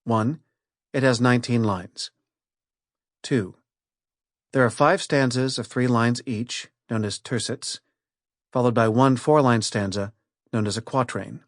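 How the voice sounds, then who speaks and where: Male narrator, middle pitch, steady and clear for nonfiction; dry booth, close mic. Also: no room sound. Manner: measured, clear reading of lists and points. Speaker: audiobook narrator.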